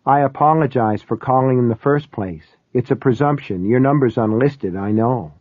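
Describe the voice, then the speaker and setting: A man's voice: mid-range voice, normal speed, no room sound, lightly acted. A man voicing a nervous, frightened young mother who speaks hesitantly and apologetically. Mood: nervous, apologetic. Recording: tinny, phone-like, dry.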